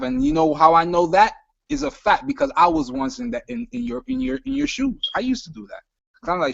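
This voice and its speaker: Emphatic Caribbean man, high lively voice. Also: gravelly, no room sound, lo-fi sound. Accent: Caribbean island. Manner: emphatic, repetitive, preachy. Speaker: business panelist. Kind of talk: motivational panel talk.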